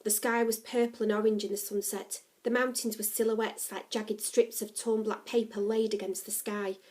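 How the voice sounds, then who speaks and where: A woman reading a novel aloud as the story's narrator, steady and expressive. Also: mid-range voice, moderate pace. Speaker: story reader.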